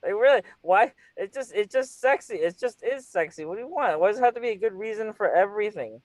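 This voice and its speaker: A man runs a loose, flirty interview, teasing his guest and breaking into laughter. His voice sits high for a man. The sound is close and dry. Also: lively intonation, fast talker, no room sound, low-quality recording. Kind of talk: casual flirty chat. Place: California.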